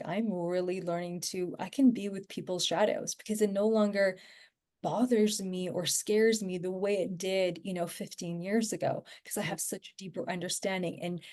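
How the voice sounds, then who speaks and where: A woman with a fairly low, warm voice chats as a podcast guest. She rambles casually, full of fillers and restarts, in a relaxed conversational podcast setting.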